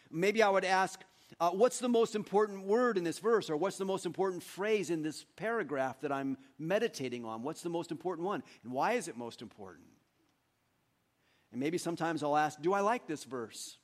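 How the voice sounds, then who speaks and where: A man with a high-pitched voice preaching a sermon to his congregation. He is animated, breaks into joking asides and acts out little voices to make his points. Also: a little fast. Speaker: pastor.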